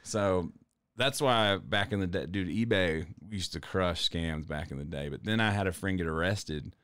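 A man with a fairly low voice tells rambling stories in casual podcast chat, swearing freely and often breaking into laughter. His voice is recorded close and dry, with no room sound around it. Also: moderate pace, a bit bright, clean tone, dry recording. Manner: profane, storytelling, laughs often. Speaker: podcast co-host.

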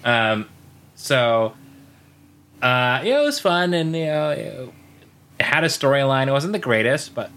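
Bright, mid-pitched male co-host, rambling storyteller. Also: sing-song, unhurried, long pauses, clear, resonant tone. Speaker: podcast co-host. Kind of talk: casual chat.

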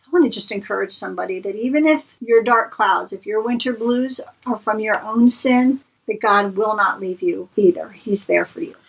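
A woman's voice: medium pitch, moderate pace, vocal fry, hardly any pauses, slightly rough, recorded from a distance, low-quality recording. A woman co-hosts a devotional podcast and talks in an earnest, preacherly way, leaning on repeated phrases for emphasis. Her voice sits a little back from the mic. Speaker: podcast co-host. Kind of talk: encouraging devotional talk.

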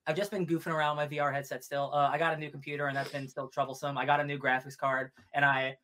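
A man co-hosting a live-streamed podcast, chatting casually in an excitable, rambling way and laughing often. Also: a little high. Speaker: podcast co-host.

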